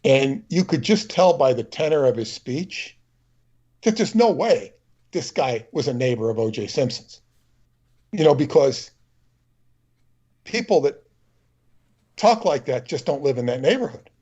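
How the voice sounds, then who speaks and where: A man's voice: mid-range voice, big pitch swings, unhurried, pauses often, warm tone, breathy edge, dull audio. A man co-hosting a livestream, telling a digressive, opinionated anecdote in loose, rambling chat. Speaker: livestream co-host.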